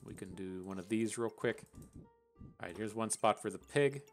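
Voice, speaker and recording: A man's voice: lowish voice, normal speed, faint music behind. A man from West Virginia with a thick Appalachian accent, chatting casually and rambling through gameplay commentary, swearing freely. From West Virginia, USA. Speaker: gaming channel host.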